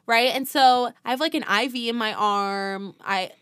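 A woman co-hosting a podcast, telling a story in animated casual chat with lots of laughs and fillers. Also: fairly high pitch, normal speed, clean tone, no room sound, studio quality. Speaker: podcast co-host.

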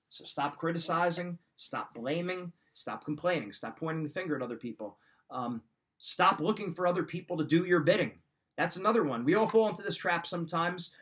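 A man's voice: on the high side, fairly bright tone. Emphatic man giving motivational advice. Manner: emphatic, repeats points, direct advice. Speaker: podcast host. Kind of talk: motivational talk.

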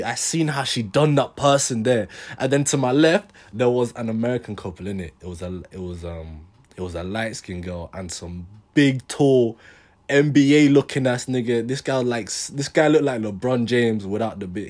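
Young man, slangy, animated, laughing storyteller. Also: mid-range voice. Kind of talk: casual storytelling to camera.

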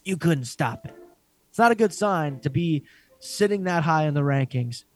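A man with a voice on the high side, speaking at a normal speed, co-hosts a podcast. He rants and jokes in casual chat, swearing a lot, with a profane, joking, excitable delivery.

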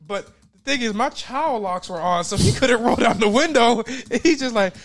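A man co-hosting a casual chat, telling stories with loud laughing outbursts and mimicked voices. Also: sits high, animated, fairly quick. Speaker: podcast co-host.

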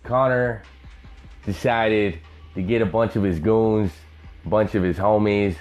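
A man's voice: on the low side, steady tone, measured pace, darkish tone, dull audio, soft background music. A man hosting a podcast, telling profane stories in a rambling, casual monologue. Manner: profane, rambling storyteller, acts out voices. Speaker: podcast host.

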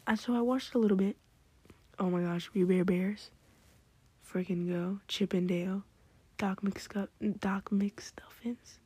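A woman chatting excitedly in a hushed, whispery late-night ramble at home, trying not to be heard. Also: mid-range voice, moderate pace, breathy edge, no room sound. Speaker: podcast host.

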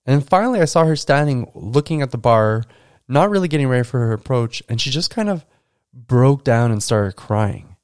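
A man's voice: mid-range voice, animated, moderate pace, a little mellow, smooth, dry recording, clean studio sound. A man hosting a podcast, telling a story from his coaching days in a casual, conversational way with lots of fillers. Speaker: podcast host and school coach.

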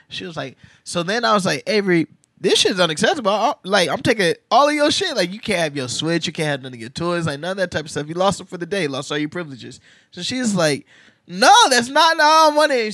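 Young guy on a podcast, animated storyteller, a bit high, dry mic. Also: no echo. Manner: animated storyteller, acts out quotes loudly. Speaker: podcast co-host. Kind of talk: casual chat, storytelling.

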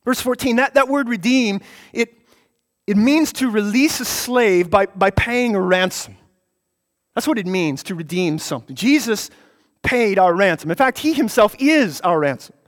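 A man's voice: high voice, lively intonation, moderate pace. A man preaching a sermon, emphatic, repeating phrases for stress and building to passionate peaks. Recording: long hall reverb.

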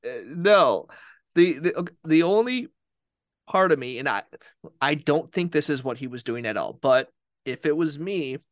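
A man's voice: on the high side, animated, a little slow, no room sound, studio quality. A man co-hosting a podcast in casual chat, laughing often and acting out what others might say. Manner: chatty, laughs often, acts out quotes. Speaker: podcast co-host.

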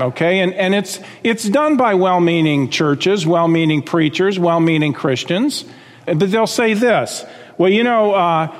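A man's voice: sits high, long reverb tail. A man preaching a sermon, emphatic and repetitive, often checking in with the listeners. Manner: emphatic, repeats key phrases, checks in with "okay?".

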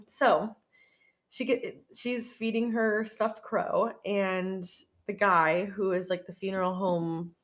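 A woman's voice: medium pitch, steady tone, takes it slowly. Young woman on a podcast retelling a movie, laughs a lot, swears, just chatting. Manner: giggly, rambling, sprinkled with swearing. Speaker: podcast co-host. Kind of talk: casual chat recapping a film.

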